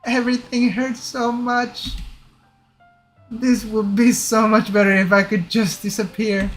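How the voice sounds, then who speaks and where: A man voicing a tearful, self-doubting teenage girl in a dramatic reading of a game script, high and pleading. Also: little pitch movement, a little slow, fairly bright tone, soft background music.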